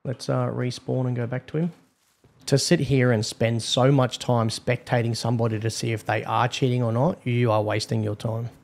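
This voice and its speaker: A man's voice: medium pitch, a little mellow. A man with an Australian accent gives casual, blunt gameplay commentary as a server admin. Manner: casual, blunt, swears freely.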